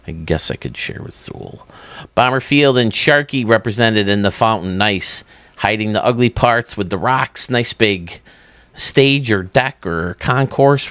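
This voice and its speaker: Enthusiastic man with a low, dry voice. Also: fairly bright tone, dry recording. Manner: enthusiastic and chatty, often laughing at himself. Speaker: YouTube host. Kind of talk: casual commentary while touring video game stadiums.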